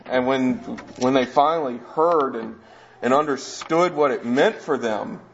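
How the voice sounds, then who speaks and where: A man explains scripture verse by verse in an easygoing, conversational manner, with frequent restarts and asides. His voice is mid-pitched. The recording sounds a bit dull and muffled. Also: unhurried, slight background noise. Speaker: preacher. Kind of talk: verse-by-verse Bible teaching.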